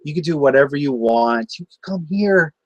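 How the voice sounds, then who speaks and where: A man's voice: on the high side, animated, normal speed, no room sound, highs cut off. A man hosting a wrestling show, cutting a taunting, sarcastic trash-talk promo.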